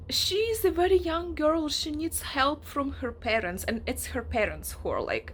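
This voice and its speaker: High-voiced, emotional woman book vlogger. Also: normal speed, hardly any pauses, slight background noise. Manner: emotional, animated, acts out characters in quoted asides. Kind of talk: casual reading vlog chat.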